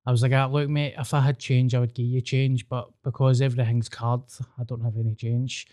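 A man's voice: medium pitch, flat delivery, moderate pace, hardly any pauses, dark tone. A man with a Scottish accent, chatting casually and swearing as he tells personal anecdotes. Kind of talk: casual chat, storytelling.

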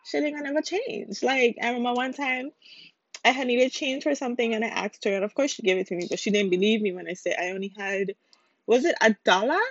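This Caribbean podcast host talks fast in a fairly high voice, chatting alone, joking and wandering off-topic with apologetic asides. Her dull, lo-fi home recording is dry, with no room sound.

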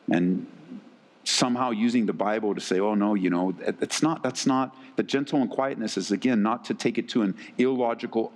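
An earnest man preaches a sermon in a middle-pitched voice. He hammers home his points by repeating words and phrases. His voice carries a long reverb, as if from a large hall. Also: creaky. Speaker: pastor.

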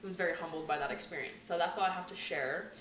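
A woman's voice: fairly low pitch, fast, fairly bright tone. A young woman hosting a podcast, chatty and giggly, filling her talk with "like". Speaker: podcast host. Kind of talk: casual chat. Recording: echoey room with faint noise.

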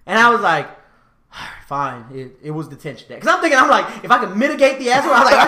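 A man with a bright, lively voice tells stories on a casual podcast, swearing freely and laughing as he goes. His pitch swings widely as he acts out each scene. The room has a noticeable echo. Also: fast talker. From Houston, Texas. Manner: animated, profane storytelling, laughing often. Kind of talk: casual storytelling chat.

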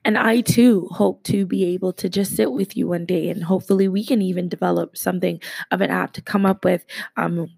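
A woman's voice: fairly low pitch, steady tone, a little fast, creaky, husky, no echo. Upbeat woman podcaster with a slight lisp. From Canada. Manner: enthusiastic, rambling, many fillers and shout-outs. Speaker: podcast host. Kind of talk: casual solo podcast segment.

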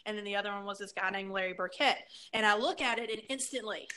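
A woman's voice: mid-range voice, fast talker, pushed and bright, a little hiss or hum. A woman co-hosting a casual chat, telling stories loosely with lots of "like" fillers. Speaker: podcast co-host.

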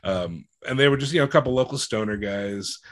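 A man's voice: mid-range voice, fairly quick, dry recording. A man chatting bluntly about a movie, swearing freely and trailing off into mumbles. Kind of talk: casual chat about a movie.

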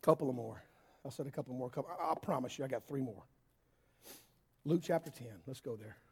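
A man preaching a sermon in a church hall, swinging between yelling and quiet asides. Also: medium pitch, a little fast, slightly rough. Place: church hall with worship band.

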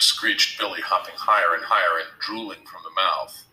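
A man narrating a children's storybook in an expressive, storytelling manner. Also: low-pitched, moderate pace, few pauses, roomy sound, low-quality recording. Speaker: audiobook narrator. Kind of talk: storybook reading.

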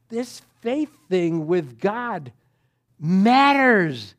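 A middle-aged male preacher with a fairly high voice delivers a sermon. He retells scripture scenes with lively acted dialogue and sudden swings from near-shouting to hushed, almost intimate tones. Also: moderate pace. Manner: animated, acts out Bible dialogue with sudden loud and soft swings.

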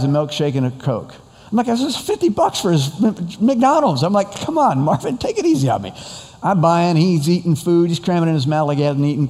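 A man's voice: mid-range voice, big-room sound. A man telling a rambling personal story, acting out the dialogue as he goes. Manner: rambling, animated retelling with quoted dialogue. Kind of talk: storytelling talk.

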